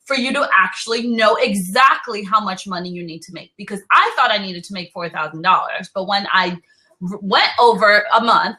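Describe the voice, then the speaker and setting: A woman with a New Jersey accent, co-hosting a live stream, chatting casually in an animated, rambling, playful way. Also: mid-range voice, moderate pace, low-quality recording. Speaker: co-host.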